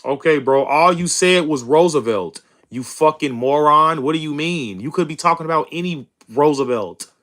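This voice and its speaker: A man's voice: on the high side, moderate pace, hardly any pauses, a bit bright. A young man hosting a political stream, arguing with chat in a heated, mocking way and calling people bro and dude. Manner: combative, mocking, says bro and dude a lot. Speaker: host of a political livestream reading chat. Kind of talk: heated casual commentary.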